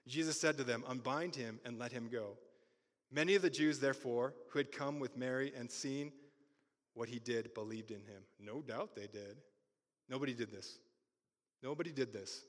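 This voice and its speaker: A man preaching a sermon as pastor, reading scripture and retelling it with vivid, animated bursts of emphasis. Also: medium pitch. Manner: animated storytelling with sudden loud bursts. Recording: long hall reverb.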